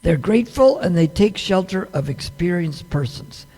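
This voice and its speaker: A man's voice: high-pitched, lively intonation, moderate pace, dark tone. A man giving a scripture class, teaching conversationally with many rhetorical questions. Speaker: class speaker. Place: temple hall. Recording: long hall reverb.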